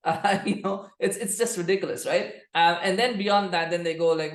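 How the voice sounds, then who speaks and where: A man's voice: high voice, fairly even intonation, moderate pace, few pauses, echoey room. A man hosting a football podcast, giving rambling, sarcastic commentary full of restarts and fillers. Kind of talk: casual commentary.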